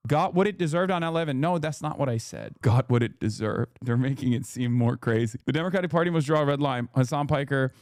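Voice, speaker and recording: A man's voice: fairly high pitch, darkish tone, dry recording, studio quality. Man reading and reacting on stream. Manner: reads quickly, breaks off to react. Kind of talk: reading an article aloud with commentary.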